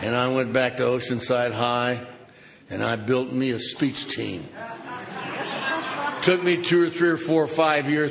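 Older man, gravelly sardonic storyteller. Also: medium pitch, steady tone, unhurried, crowd noise. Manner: sardonic, punchy comic delivery. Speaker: recovery meeting speaker. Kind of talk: humorous storytelling talk. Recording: reverberant hall with background noise.

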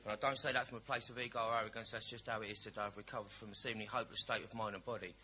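A man's voice: lowish voice, steady tone, very fast, bright, forceful tone, a little hiss or hum. Candid man sharing his recovery story. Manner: candid, storytelling, cheeky humour. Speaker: recovery meeting speaker. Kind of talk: personal testimony at a recovery meeting.

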